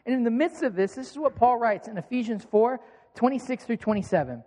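A man's voice: extremely high pitch, animated, a little fast, dark tone, in a large hall. A young man preaching a sermon as a pastor, telling personal stories in a conversational way and often repeating words as he restarts. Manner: conversational storytelling with frequent word repeats.

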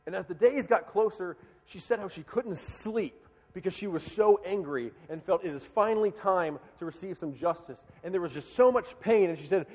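A man preaching a sermon, telling a story with dramatic swings from loud pleading to hushed, quiet lines. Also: high-pitched, moderate pace, in a large hall.

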